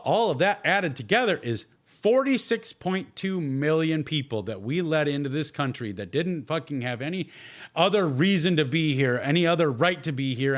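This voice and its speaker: Guy ranting solo on his podcast, kinda high voice, swears a lot, sarcastic. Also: a bit bright. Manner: blunt, heavy swearing, sarcastic. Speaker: podcast host.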